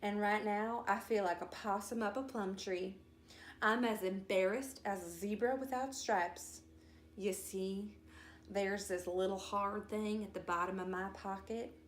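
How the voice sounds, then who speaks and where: A woman reading a first-person children's story aloud in a folksy, expressive way. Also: medium pitch, measured pace. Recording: roomy echo.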